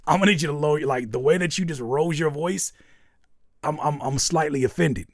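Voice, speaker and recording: A man's voice: fairly high pitch, a little fast, no echo, studio quality. A man hosting a live music feedback stream, giving frank, profane advice and playing up joking mock outrage at the chat. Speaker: host reviewing music live.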